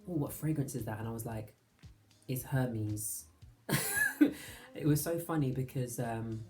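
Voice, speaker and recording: A man hosting his own fragrance channel, chatting casually and nostalgically, with soft laughs. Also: medium pitch. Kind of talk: casual reminiscing vlog.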